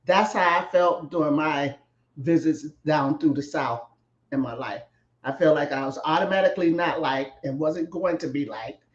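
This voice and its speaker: A woman's voice: deep voice, normal speed. A woman who is a guest in a casual conversation, speaking directly and frankly and asking pointed questions. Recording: echoey, dull-sounding.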